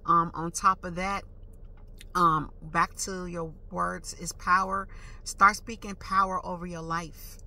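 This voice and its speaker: A woman vlogger tells a story at a slow pace, keeping it casual and animated. She leans on emphatic slang and sound effects like "boom" and "whoop."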